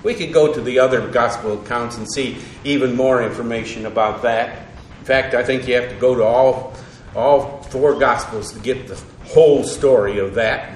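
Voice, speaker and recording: Man, Bible study teacher, halting delivery, lots of fillers, mid-pitched voice, echoey room. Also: a little hiss or hum. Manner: halting, with frequent fillers and self-corrections. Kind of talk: evening Bible lesson.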